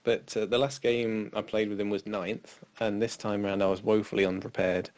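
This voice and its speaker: A man co-hosting a podcast, chatting in a relaxed, rambling way with frequent fillers. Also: fairly low pitch, moderate pace, no room sound. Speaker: podcast co-host. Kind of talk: casual chat.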